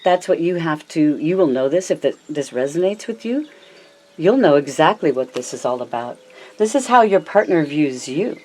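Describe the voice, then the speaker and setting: Low-voiced woman giving a chatty tarot reading. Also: lively intonation, darkish tone. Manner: chatty, affectionate, addresses viewers as my loves and honey; varies her pitch and pace a lot, slows down for emphasis. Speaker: tarot reader. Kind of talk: casual tarot reading to camera.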